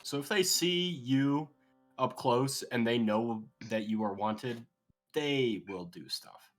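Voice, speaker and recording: A man running a tabletop game as game master, laid-back with frequent laughs and halting restarts. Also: medium pitch, faint music behind. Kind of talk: narrating a tabletop game over voice chat.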